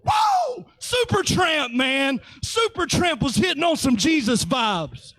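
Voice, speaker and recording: Very high-voiced, slow-talking male preacher. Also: big pitch swings, a bit bright, no echo. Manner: exclaiming, joking, laughing often. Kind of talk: casual preaching.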